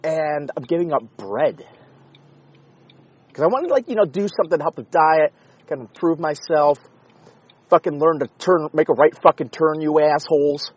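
A man hosting a podcast, talking in a rambling, sarcastic, profane comedic monologue with a husky voice. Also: a little high, moderate pace, pauses often, highs cut off. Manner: rambling, sarcastic, swears often. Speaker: podcast host.

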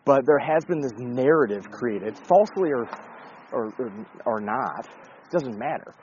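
Blunt, profane man with lively pitch. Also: normal speed, lo-fi sound, a little hiss or hum. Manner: blunt, profane, conversational, with restarts. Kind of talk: casual political commentary.

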